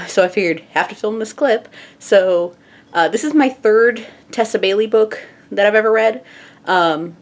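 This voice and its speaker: A young woman chatting casually in an upbeat book vlog, with fillers and small laughs. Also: mid-range voice. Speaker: book vlogger.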